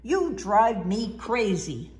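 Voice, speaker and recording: A woman's voice: mid-range voice, sing-song, slow, darkish tone. A woman voicing a grumpy, sulky man bus driver in a storybook reading, grumbling and whiny.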